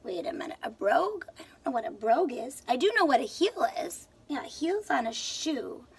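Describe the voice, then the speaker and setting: High-voiced woman teacher reading aloud. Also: very animated, moderate pace, creaky, a little hiss or hum. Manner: explaining, questioning. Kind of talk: reading a picture book aloud to children.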